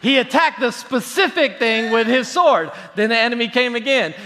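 High, bright-voiced preacher in a reverberant hall. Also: male voice, moderate pace, few pauses. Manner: animated, mocking impressions of prayer habits. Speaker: pastor. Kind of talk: sermon.

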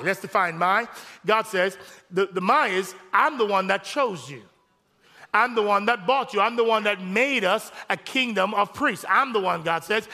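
In a large church sanctuary hall, a male pastor with a high voice preaches a sermon in call-and-response style, rising to shouts on key phrases.

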